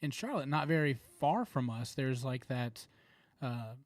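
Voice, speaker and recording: A man with a Southern US accent co-hosting a casual podcast, reacting with quick laughs and wry remarks. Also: medium pitch, expressive, no echo. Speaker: podcast co-host. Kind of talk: casual chat.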